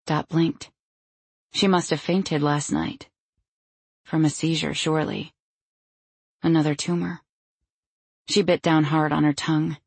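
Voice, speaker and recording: A woman narrating a novel in a measured storytelling way. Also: deep voice, flat delivery, gravelly, breathy edge, dry recording. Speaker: audiobook narrator. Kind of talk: scripted narration.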